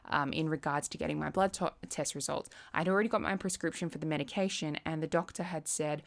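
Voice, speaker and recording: A young woman vlogger talking casually to the camera, chatty and quick to act out little quoted asides. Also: low voice, creaky. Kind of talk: casual chat.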